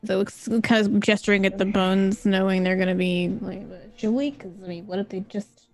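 A woman's voice: medium pitch, monotone, fairly quick, darkish tone, soft background music. A woman playing a tabletop game, talking in a chatty, rambling way. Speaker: player. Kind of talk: tabletop role-play chat.

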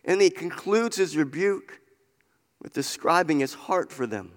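Man, preacher, sermon, impassioned, repetitive cadence, slightly high voice, long hall reverb. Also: animated, a little slow. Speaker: pastor.

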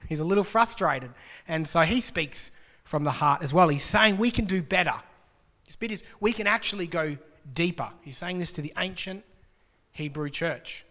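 Bright-voiced man preaching in a hall. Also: a little high, normal speed. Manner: conversational and joking, with rhetorical questions. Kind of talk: sermon. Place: church hall. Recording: long reverb of a large hall.

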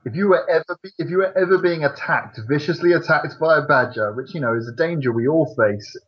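A young man co-hosting a comedy podcast, stating absurd things as fact in a deadpan manner. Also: fairly high pitch, fairly quick, slightly rough. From United Kingdom. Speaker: podcast co-host. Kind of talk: casual comedic chat. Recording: dull lo-fi sound.

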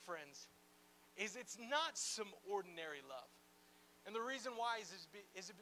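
A man preaching a sermon to a church gathering in an animated, conversational way, with playful asides and lots of "like" fillers. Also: high voice, a little hiss or hum. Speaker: pastor. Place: church gathering in a large room.

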